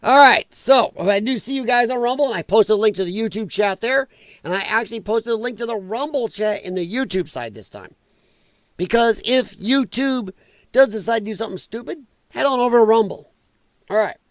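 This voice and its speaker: A man's voice: high voice, animated, fairly quick, a bit bright, dry recording. A man hosting a live political commentary stream, talking bluntly and with profanity, and chatting with viewers. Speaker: livestream host.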